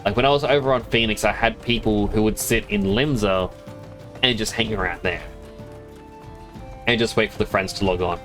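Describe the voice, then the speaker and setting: A man's voice: fairly low pitch, moderate pace, pauses often, fairly bright tone, faint music behind. A man streaming a game, chatting casually in a rambling, self-amused way. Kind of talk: casual chat while gaming.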